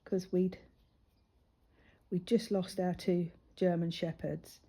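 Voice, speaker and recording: Mellow-voiced woman telling a long story. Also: fairly low pitch, little pitch movement, takes it slowly, husky. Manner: chatty, rambling, soft-spoken with drops to near-whisper. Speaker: crafting vlogger. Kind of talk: casual storytelling while colouring.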